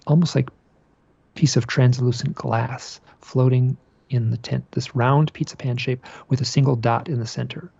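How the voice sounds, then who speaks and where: Gravelly, husky man telling a story. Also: medium pitch, no room sound, dull audio. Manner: animated storyteller, repeats phrases, trails off and restarts. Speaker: podcast guest. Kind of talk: recounting a personal experience in an interview.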